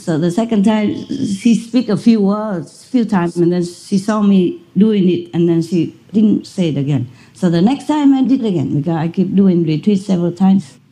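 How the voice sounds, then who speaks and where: A woman's voice: mid-range voice, moderate pace, few pauses, mellow. A woman spiritual teacher giving a conversational lecture, telling a story and laughing often. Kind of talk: lecture to an audience.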